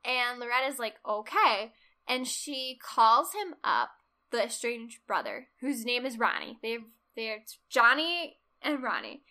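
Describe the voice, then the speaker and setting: Bright-voiced woman recapping a film. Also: fairly high pitch, measured pace. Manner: animated storyteller, acts out quotes, laughs often. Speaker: podcast co-host. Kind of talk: casual film recap chat.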